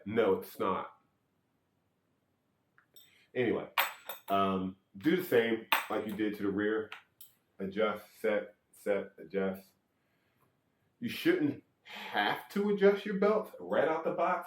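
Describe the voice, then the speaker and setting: A man with a fairly low voice talks through a hands-on skateboard check in a loose, joking way, counting under his breath and fixing his own slips. The room around him rings with echo. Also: slow pace, long pauses, background noise. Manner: rambling, self-correcting, joking asides. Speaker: electric skateboard vlogger. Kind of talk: casual how-to demonstration.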